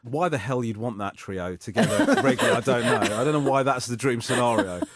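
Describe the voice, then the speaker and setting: A man's voice: mid-range voice, fairly quick. A man, chatting as a comedian guest in a rambling, self-mocking way, often laughing. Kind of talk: casual interview chat.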